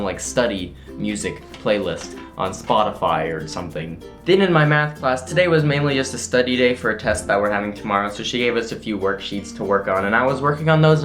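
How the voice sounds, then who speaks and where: A man's voice: fairly low pitch, a bit bright. A teenage boy telling his school day in a casual video diary, chatty and full of "like". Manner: chatty, full of "like", acts out classmates' lines. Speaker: vlogger.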